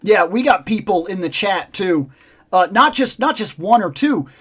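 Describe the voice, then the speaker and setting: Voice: medium pitch, lively intonation, a bit bright, breathy edge. A podcast co-host in casual chat, telling long rambling stories and stretching words for emphasis. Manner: rambling storyteller, drawn-out emphasis.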